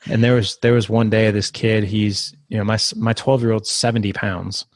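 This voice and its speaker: A man in his thirties speaks as a podcast guest, his voice sitting a little low. He rambles and restarts as he tells his story. The sound is dry and close. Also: normal speed, no echo. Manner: rambling, restarts, animated when quoting. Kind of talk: casual storytelling interview.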